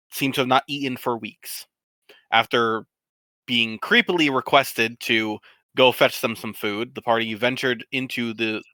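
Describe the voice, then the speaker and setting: Bright-voiced man as game master. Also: mid-range voice, dry recording. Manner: rambling recap with fillers and restarts. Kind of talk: narrating a tabletop game.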